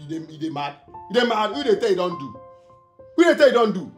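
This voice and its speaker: A jobless Nigerian husband with a jealous temper, in a film drama. He stammers through fast, tumbling bursts of repeated words, and his pitch climbs high and swings wildly. Faint music plays under the scene. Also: big pitch swings. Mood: furious.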